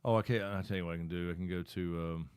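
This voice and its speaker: A man's voice: low voice, steady tone, fast, a little mellow, clear, resonant tone, no echo. A middle-aged man hosting a live stream. He chats casually and rambles, thinking aloud while he works his screen.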